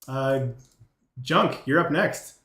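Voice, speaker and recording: A man's voice: medium pitch, slow pace. Game master man in an echoey room. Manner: relaxed, hesitant with many ums. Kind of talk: narrating a tabletop game.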